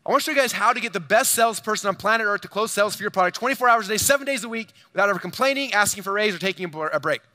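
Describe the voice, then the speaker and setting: A man giving an energetic seminar talk to a large audience, animated and boastful as he speaks straight to the crowd. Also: high-pitched, rapid-fire, hardly any pauses, dry recording. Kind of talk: energetic stage presentation.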